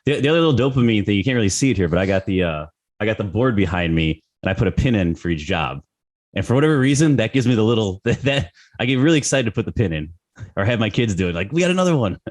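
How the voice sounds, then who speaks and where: A middle-aged man, hosting a podcast in relaxed chat, a bit hoarse and often repeating words. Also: fairly low pitch, fast. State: slightly hoarse, lost voice a little. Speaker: podcast host.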